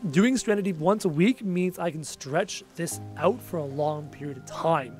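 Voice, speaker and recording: A man with a fairly high voice chats through a late-night gaming stream from home. He sounds tired and rambles on, often letting his phrases fade away. Soft music plays quietly underneath. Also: moderate pace. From Canada. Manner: chatty and rambling, trailing off quietly at phrase ends. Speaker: gaming livestreamer. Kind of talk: casual livestream chat, reading viewer comments aloud.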